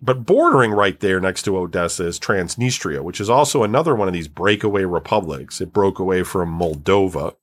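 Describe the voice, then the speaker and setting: A man's voice: low voice, brisk, few pauses. A man talking in a casual, rambling way, with many fillers and restarts as he explains things at length. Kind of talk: casual chat.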